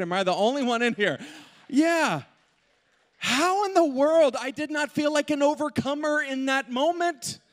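A middle-aged male pastor telling a funny personal story in an animated way, with asides to the congregation. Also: sits high. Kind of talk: sermon with humorous personal story. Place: large church auditorium. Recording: long hall reverb.

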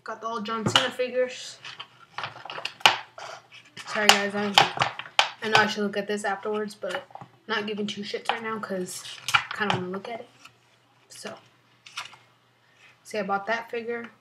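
A young woman chatting excitedly in a casual unboxing vlog from her bedroom, rambling, swearing often and sometimes whispering. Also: medium pitch, moderate pace, pauses often, heavy background noise. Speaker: vlogger.

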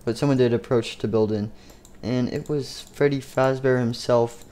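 A man casually narrating a game story in a rambling, halting way. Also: mid-range voice, steady tone, warm tone. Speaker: youtuber.

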